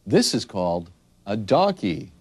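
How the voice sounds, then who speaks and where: A man slowly naming animals for young children in a patient, sing-song teaching voice and asking the listener questions. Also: fairly low pitch, sing-song, breathy edge, dry recording. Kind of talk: children's picture-book narration.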